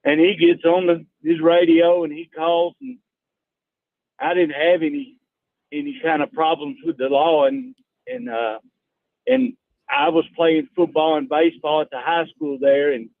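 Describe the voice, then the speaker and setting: A man's voice: fairly high pitch, lively intonation, unhurried, vocal fry, no room sound. A man, calling into a radio show and telling a folksy story. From Texas. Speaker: caller. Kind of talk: phone-in storytelling. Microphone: phone. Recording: tinny phone line.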